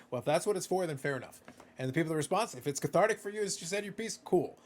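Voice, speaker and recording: A male podcast host chatting casually, animated and playful, often repeating words as he starts a thought. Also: on the high side, fast. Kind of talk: casual conversation.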